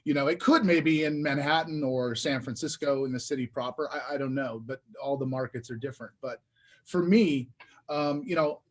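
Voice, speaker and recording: A man, a real estate investor, telling his story in a casual interview, animated and full of restarts. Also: medium pitch, moderate pace. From Detroit area. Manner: animated, lots of restarts and filler.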